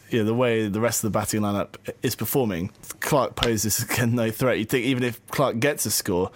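A man co-hosting a cricket podcast, chatting in a wry way with frequent fillers. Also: on the low side. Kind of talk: casual cricket discussion.

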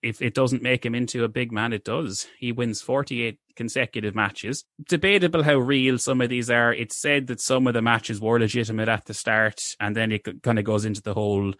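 A man's voice: medium pitch, steady tone, moderate pace, few pauses, fairly bright tone, dry recording, studio quality. A man co-hosting a podcast, telling a history story in a rambling, casual way, with lots of fillers and restarts.

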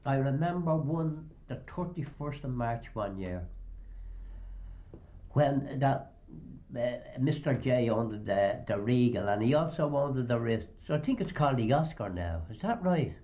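An older man, acting as a storyteller, rambles through anecdotes about pranks from years past in an oral-history style. His voice is mellow and sits in an ordinary male pitch, his delivery animated but measured, and he mimics the voices of the people he quotes.

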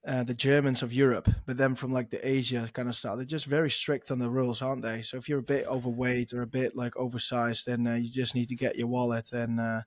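A man co-hosting a casual podcast, easygoing and a little hesitant, filling pauses with "uh". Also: medium pitch, flat delivery, dry recording. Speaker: podcast co-host. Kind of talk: casual chat.

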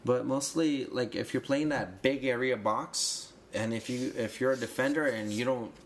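A man's voice: medium pitch, normal speed, a little hiss or hum. A man in casual conversation explaining soccer rules, rambling and restarting phrases, with emphatic bursts. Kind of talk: casual chat.

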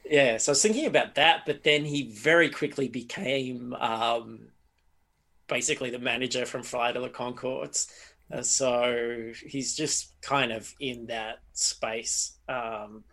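A man speaking at a middle pitch in a relaxed interview chat. He muses his way through answers, pausing on fillers and restarting his sentences as he thinks. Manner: reflective, rambling, with many fillers and restarts. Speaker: tabletop game master, interview guest.

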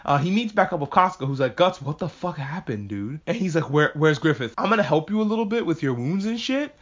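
A man casually recapping an anime plot with crude jokes, acting out the characters' lines in quick asides. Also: a little high, expressive, fairly bright tone. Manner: profane, jokey, acts out characters' lines. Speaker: podcast host reviewing an anime. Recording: dull lo-fi recording.

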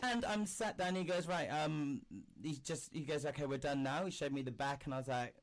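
A man's voice: fairly high pitch, a little fast. A young man telling a story in casual chat, acting out the people he quotes and swearing freely. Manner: animated, acts out quoted voices, swears.

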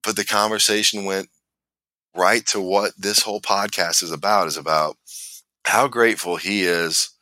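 Deep-voiced man telling a rambling story. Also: steady tone, normal speed, sharp tone, no echo. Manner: rambling, restarts often, laughs while telling. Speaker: podcast host. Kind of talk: casual storytelling chat.

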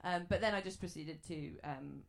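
A woman's voice: fairly low pitch, moderate pace, gravelly, very noisy. A woman comedian on a live panel, telling an embarrassing story while giggling. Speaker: comedian guest. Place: live venue with audience. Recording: loud crowd behind.

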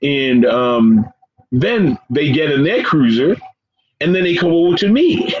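Sex: man. Role: interview guest. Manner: earnest, impassioned, repetitive. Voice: a little higher than most men. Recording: muffled, lo-fi, faint hiss behind. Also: lively intonation, a little slow, a little mellow. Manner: earnest and impassioned, repeats phrases and says "man" often. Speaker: guest, professor and founder of a forgiveness organization. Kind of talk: emotional interview conversation. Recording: dull lo-fi sound with faint background noise.

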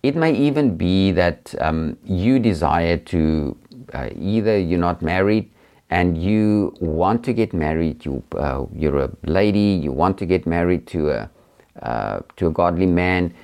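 Preacher, middle-aged man, South African accent, deep register, gentle and hesitant testimony delivery. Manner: earnest, gentle, with many hesitations. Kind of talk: personal testimony talk.

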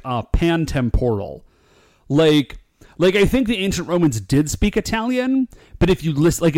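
A man's voice: a little high, a little mellow, no echo, studio quality. A man co-hosting a casual podcast chat, joking in a playful, mock-formal way. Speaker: podcast co-host.

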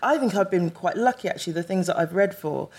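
A woman actor chatting casually as a guest on a live podcast, telling animated stories and laughing often. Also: on the low side, quick pace, slightly rough.

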